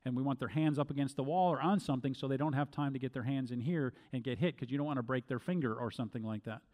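A middle-aged man giving Bible-based teaching, speaking deliberately and repeating key phrases for emphasis. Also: medium pitch, a little mellow. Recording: long hall reverb.

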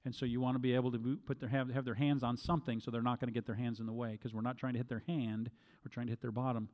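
Deliberate man teaching in a reverberant hall. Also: mid-range voice. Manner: deliberate, repeats key phrases for emphasis. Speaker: Bible teacher. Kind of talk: instructional Bible teaching.

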